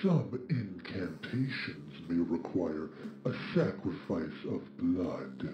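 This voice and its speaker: A man voicing a solemn robed wizard who gives instructions in a slow, grave, ritual-like way. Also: low-pitched, animated, noisy background. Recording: echoey, muffled game audio with music.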